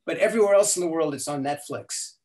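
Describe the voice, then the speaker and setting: An older man telling stories as an interview guest. He talks in an animated way, acts out the quotes and often restarts his sentences. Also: a little high, quick pace. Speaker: guest, language inventor. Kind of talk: storytelling interview.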